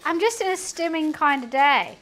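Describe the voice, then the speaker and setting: A woman's voice: sits high, lively intonation, normal speed, a bit bright, slight background noise. A young woman chatting casually while cleaning and cooking in her home kitchen, rambling and humming to herself. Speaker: streamer.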